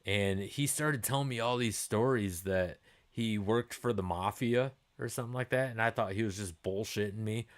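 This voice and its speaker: A middle-aged man hosts a livestream, speaking at a normal speed in a lowish voice. He chats loosely with viewers and answers their comments, swearing freely and laughing easily.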